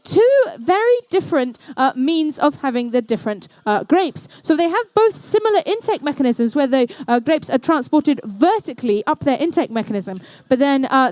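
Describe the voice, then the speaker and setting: A woman with a New Zealand accent and a high, bright-toned voice calls a robotics match live, playful and chatty. She tosses jokey asides to the teams between counts and scores. The sound is close and dry, with little room echo. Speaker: event commentator and emcee. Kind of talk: live competition commentary. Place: indoor competition venue.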